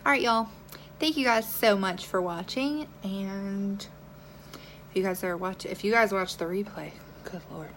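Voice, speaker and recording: A woman's voice: medium pitch, a little slow, fairly bright tone, a little hiss or hum. A young woman chatting playfully with viewers on a phone livestream while doing her makeup. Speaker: beauty vlogger. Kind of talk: casual livestream makeup chat.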